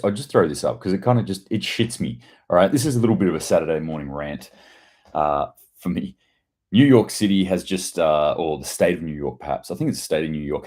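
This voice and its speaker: A deep-voiced man hosts a casual daily news livestream. He reads headlines and viewer comments, then slides into profane, sarcastic rants. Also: mellow. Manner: profane, ranting, sarcastic asides.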